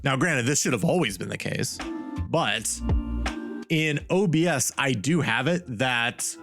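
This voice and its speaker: Slow-talking male streamer over background music. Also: mid-range voice, expressive, creaky. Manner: chatty, rambling, talks to chat. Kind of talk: casual live-stream chat. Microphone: studio mic.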